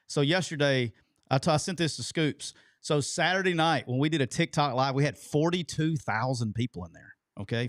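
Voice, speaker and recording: A man's voice: medium pitch, no echo, clean studio sound. A man co-hosting a sports talk show, chatty and loose, often restarting his sentences. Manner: chatty, restarts and repeats himself. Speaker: co-host.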